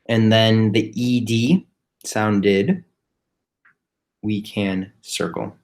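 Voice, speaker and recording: A man teaching a phonics lesson to young children. He spells words letter by letter, slowly and patiently. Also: on the low side, steady tone, a little mellow. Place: home, recorded remotely.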